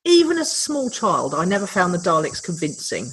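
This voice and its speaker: A woman's voice: fairly low pitch, sing-song, a little fast, a little hiss or hum, poor audio. A woman in her fifties co-hosting a podcast in casual chat, telling stories in a dry, wry way. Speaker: podcast co-host.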